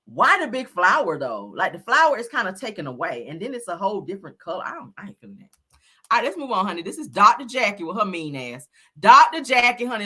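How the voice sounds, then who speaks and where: Woman host, bright and sassy, animated, blunt fashion takes for a live chat. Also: on the low side. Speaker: livestream host. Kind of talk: casual celebrity fashion commentary.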